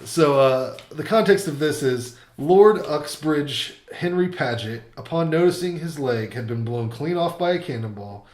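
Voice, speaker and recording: A man's voice: fairly high pitch, lively intonation, a little slow, few pauses, darkish tone, roomy sound. A man hosting a casual comedy chat show, rambling and giggling as he talks. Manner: rambling, giggly, restarts often. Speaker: show host.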